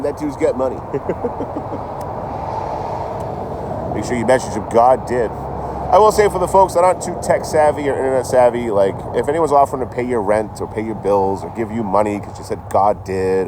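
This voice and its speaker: A man's voice: medium pitch, lively intonation, moderate pace. A young man chatting casually on a live stream from outdoors, rambling and profane, laughing between thoughts. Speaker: train-hopping livestreamer. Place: outdoors in town near a store. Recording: phone outdoors with street noise.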